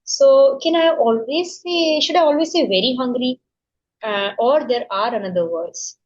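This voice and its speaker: A woman's voice: sits high, moderate pace, a little mellow. Eager woman learner on a dull call line. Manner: eager, asks many questions. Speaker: English learner. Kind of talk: casual practice conversation.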